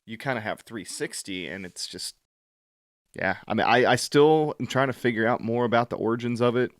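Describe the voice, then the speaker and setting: A man hosting a podcast, an army veteran, talking casually in a blunt, profane, animated way. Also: medium pitch, a little fast, no room sound, studio quality. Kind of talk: casual conversation.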